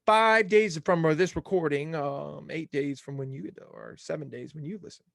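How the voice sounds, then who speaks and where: A man's voice: fairly high pitch, lively intonation, normal speed, gravelly, fairly bright tone, dry recording, clean studio sound. A young man hosting a casual sports podcast, rattling off game results in a jokey, scattered way. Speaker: podcast host.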